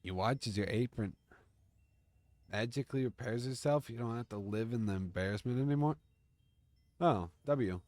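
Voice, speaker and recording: A man's voice: medium pitch, brisk, darkish tone, no room sound. A man streaming, reading a text game aloud and reacting with jokes and curses. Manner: reads the story aloud and jokes and curses along.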